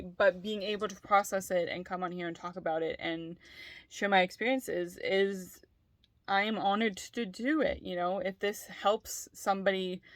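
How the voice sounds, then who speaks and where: A woman's voice: mid-range voice, no room sound. A woman vlogging candidly, talking in a rambling, frank way with lots of fillers and swearing. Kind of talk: candid personal vlog.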